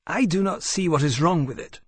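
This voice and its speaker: Brief: smug female dragon, pitched well up and clipped, dry studio read, a male narrator putting her on. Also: expressive, a little fast, breathy edge, dry recording. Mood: impatient, smug.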